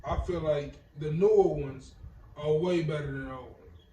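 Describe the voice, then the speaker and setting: A man co-hosting a podcast in casual chat, excitable and slangy, quick to laugh. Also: fairly high pitch. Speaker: podcast co-host. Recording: roomy room, distant mic, faint noise.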